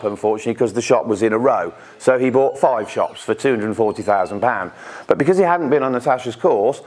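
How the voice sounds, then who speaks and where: A British man talks to a room of investors in a loose, chatty way, tossing in asides and little acted-out quotes. His voice sits at a middling pitch for a man. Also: a little mellow. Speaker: speaker at an investor networking event. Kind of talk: informal presentation with anecdotes.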